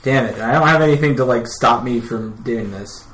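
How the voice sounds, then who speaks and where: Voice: mid-range voice, normal speed, fairly bright tone. A player in a tabletop game, grumbling and wry. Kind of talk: casual tabletop play. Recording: echoey room with clear background noise.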